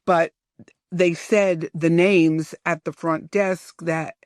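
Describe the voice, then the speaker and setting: Older guy from around new york telling an old story slow, lots of little asides, fairly high voice, dry sound. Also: fairly even intonation, dry recording. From New York area, US. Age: 70s. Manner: unhurried, detailed reminiscing with asides. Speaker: podcast guest. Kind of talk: storytelling in an interview.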